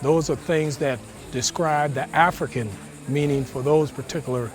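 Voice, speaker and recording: A man's voice: fairly high pitch, fairly even intonation, normal speed, soft background music. A man confidently explaining his heritage outdoors at a family cookout. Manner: lecturing, confident.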